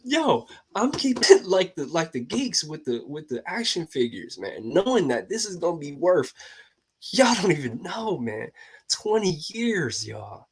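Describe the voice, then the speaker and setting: A man hosting a casual talk to his viewers, excitable and slangy, laughing often and calling out to the audience. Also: fairly high pitch, a little slow, creaky, breathy edge. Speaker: host.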